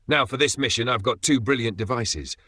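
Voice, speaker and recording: A man's voice: medium pitch, fairly quick, pushed and bright, slightly rough, no echo, pitched above the performer's own voice. A man voicing a cheerful male gadget inventor with eager, chirpy salesman patter. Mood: gleeful.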